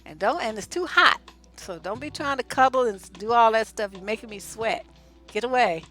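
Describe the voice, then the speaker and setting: A middle-aged woman from Oakland, a relationship coach and host, giving blunt, animated advice to her viewers and laughing often. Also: on the high side, moderate pace, soft background music. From Oakland, California. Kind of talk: casual advice talk to viewers.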